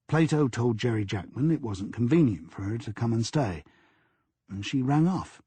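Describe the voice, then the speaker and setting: A stolid police detective going through his notes, as a male audiobook reader voices him. He talks in a measured, matter-of-fact way, his husky voice rising and falling freely. Close, dry recording. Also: mid-range voice, animated, warm tone, no echo.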